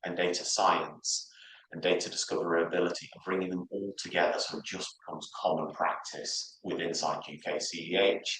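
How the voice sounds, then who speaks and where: Deep-voiced man presenting in a hall. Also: a bit bright. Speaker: conference speaker. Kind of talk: conference talk. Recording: echoey lecture room.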